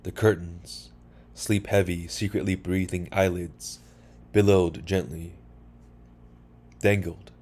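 A man reading a short story aloud for sleep, calm and measured. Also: deep voice, husky. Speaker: narrator.

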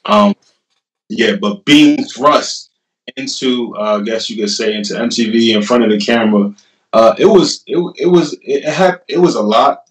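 Young male interview guest, casual storyteller who keeps retelling conversations, mid-pitched, recorded a little off-mic in an echoey room. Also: normal speed. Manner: animated, laughing retelling with lots of "I'm like". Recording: roomy and a bit distant from the mic.

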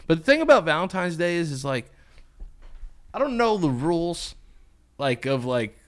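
A man's voice: on the high side, very animated, moderate pace. A man co-hosting a podcast in casual chat, joking and swearing with mock-angry outbursts. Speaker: podcast co-host.

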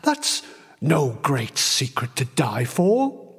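A man voicing a stern army major who speaks calmly and persuasively, in a slow, lively reading with a long reverb behind it. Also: mid-range voice, creaky, breathy edge, heavily acted. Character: stern middle-aged male army major.

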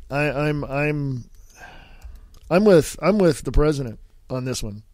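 A man's voice: on the high side, expressive, slow, darkish tone, no echo. Stuffy-nosed man ranting bluntly. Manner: blunt, heated and profane. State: stuffy nose from sinus infection and allergies. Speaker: podcast host. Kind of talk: casual political podcast rant.

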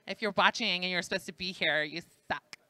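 At a student event inside a library, a New York-accented host keeps a live trivia game show moving with playful jokes for the crowd. The voice is mid-range, steady, quick, bright and forceful, with no echo.

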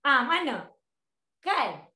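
High-voiced Malaysian English teacher. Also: female voice, big pitch swings, takes it slowly, bright, forceful tone, reverberant. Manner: chatty, mixes English and Malay, laughs often. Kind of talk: online class lesson.

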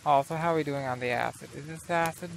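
A man's voice: a little high, fast, vocal fry, slight background noise. A man giving casual, profane, incredulous let's play commentary over his game. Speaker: gaming video creator.

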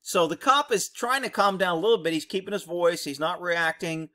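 A man's voice: sits high, fairly quick, sharp tone. A man, a former police officer, giving blunt, profane commentary on a video and telling his own cop stories.

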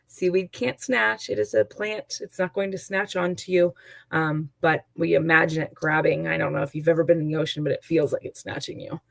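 A woman's voice: lowish voice, steady tone, moderate pace, gravelly, no echo. A woman teacher giving an online lesson, chatty and explaining with examples and asides.

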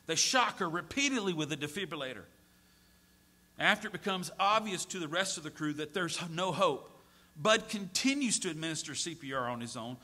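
A middle-aged man preaching a sermon as a pastor, moving from hushed storytelling to pleading shouts. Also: on the high side. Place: church sanctuary.

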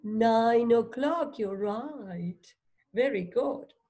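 A woman reading a phonics storybook aloud as a teacher, slowly sounding out words, asking questions and praising a child. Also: a little high, expressive, dark tone. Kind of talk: slow read-aloud lesson for a child.

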